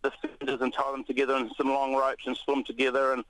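A New Zealand man, a radio interview guest, recounting an ordeal in a halting way with many restarts. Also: medium pitch, no echo, rough recording. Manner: halting, many restarts, animated when retelling shouts.

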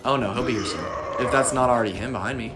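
A man's voice: mid-range voice, very fast. A young man playing a video game and chatting casually with friends, walking them through each step as he goes. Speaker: gameplay commentator. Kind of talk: casual let's-play chat. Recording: faint background noise.

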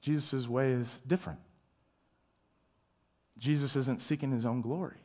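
A male pastor preaching a sermon, emphatic, asking rhetorical questions and dropping to a hush at times. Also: mid-range voice, fairly even intonation, unhurried. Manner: dramatic shifts from loud to hushed, whispering asides.

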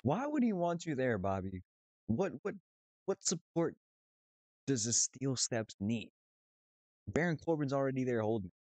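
A man's voice: medium pitch, very animated, a little slow, long pauses, darkish tone, dry recording. A man hosting a reaction video, laughing often, exclaiming and swearing as he comments on clips.

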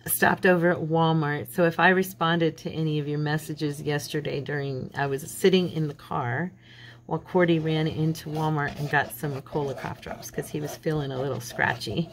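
A woman's voice: low-pitched, steady tone, normal speed, a little hiss or hum, poor audio. A woman hosting a craft channel, chatting and rambling through a story while she works at a home craft table. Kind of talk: casual chat while crafting.

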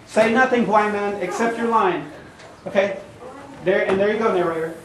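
A woman directing young actors in a play rehearsal, giving brisk, instructive, encouraging cues. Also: mid-range voice, background noise. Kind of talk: coaching a rehearsal. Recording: echoey hall from far off.

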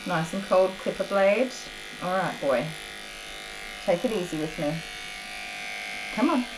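Soft-spoken woman groomer, clipper buzz behind. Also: lowish voice, expressive, unhurried. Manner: gentle, coaxing, soft-spoken; emotional, openly tender. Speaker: dog groomer. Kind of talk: soothing talk to a dog while grooming. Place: grooming salon, indoors. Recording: clipper buzz and background noise.

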